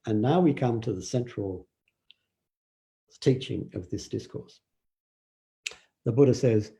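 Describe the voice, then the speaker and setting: An older man giving a relaxed dharma talk, telling stories with fillers and acted quotes. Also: on the low side, measured pace, pauses often. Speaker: meditation teacher.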